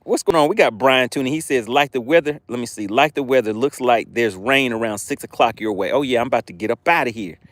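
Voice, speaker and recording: A man's voice: mid-range voice, quick pace, hardly any pauses, dry recording. A man hosting a live fishing stream outdoors, reading viewer chat aloud and teasing them playfully. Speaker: fishing livestream host. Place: outdoors by the water.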